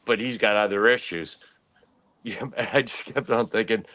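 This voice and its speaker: A man's voice: on the low side, normal speed, sharp tone. A man in his late fifties, a podcast host, telling rambling stories in casual chat and laughing often. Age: 50s.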